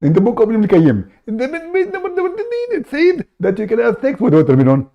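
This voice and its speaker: A man's voice: extremely high pitch, wildly swooping pitch, a little fast, vocal fry, dull audio, voice pushed up, full character voice. A man voicing an eager, boastful male caller who speaks earnestly and starts his points with the same stock phrase. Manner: earnest, boastful, always opens with "first of all".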